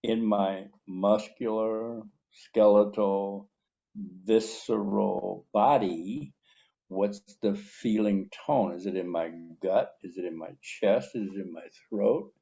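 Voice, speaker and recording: Slow, deliberate low-voiced man. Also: steady tone, vocal fry, dark tone, muffled recording. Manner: slow, deliberate, drawn-out words with pauses. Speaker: co-host of a recovery talk show. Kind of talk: reflective personal sharing. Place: a room with people.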